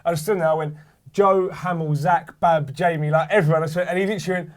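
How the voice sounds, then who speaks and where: A young man, a podcast co-host, telling stories in animated, laughing casual chat. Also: a little high, quick pace.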